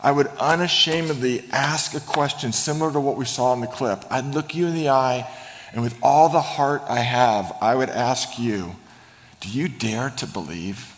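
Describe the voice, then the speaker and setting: Male pastor, mid-pitched voice, storytelling sermon with light humor and hushed emphasis, long hall reverb. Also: normal speed, a little hiss or hum. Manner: storytelling preacher with humor, drops to a hush for emphasis. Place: large church sanctuary.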